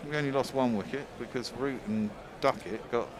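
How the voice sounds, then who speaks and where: A man's voice: mid-range voice, moderate pace, a loud crowd. A man commentating on cricket ball by ball, trading dry, joking banter with his co-hosts.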